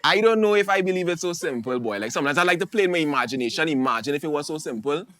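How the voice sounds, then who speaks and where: Male stand-up comic, Trinidadian accent, quick and dry-sounding. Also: a little high, dry recording. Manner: animated, chatty storytelling with dialect phrasing. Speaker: stand-up comedian. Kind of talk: stand-up comedy.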